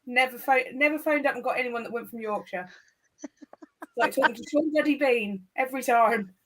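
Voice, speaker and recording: A woman's voice: fairly high pitch, normal speed, noisy background. A woman chatting casually and teasing on a video call with friends. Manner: teasing, laughs a lot. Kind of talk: casual chat.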